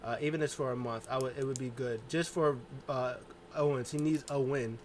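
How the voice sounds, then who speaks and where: A man's voice: medium pitch, fairly even intonation, brisk, a little mellow, slight background noise. A man hosting a casual wrestling recap, rambling through the events and acting out what the wrestlers said. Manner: rambling, acts out quotes in voices. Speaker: wrestling show recap host.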